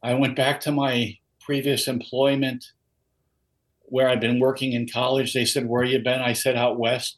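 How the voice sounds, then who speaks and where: A man's voice: medium pitch, a bit bright, rough recording. An older man giving a personal testimony as a guest in an interview, telling his story earnestly. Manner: earnest storytelling, quoting others.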